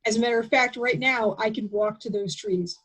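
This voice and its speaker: A woman co-hosting a casual chat, telling animated stories with frequent restarts and laughter. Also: a little high, fairly quick, poor audio. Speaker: podcast co-host.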